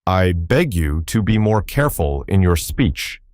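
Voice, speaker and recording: A man's voice: sits low, sing-song, unhurried, a little mellow, no room sound, studio quality. A man voicing a prim, easily offended wooden man with a pumpkin head. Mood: prickly. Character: touchy male pumpkin-headed wooden man, stiff.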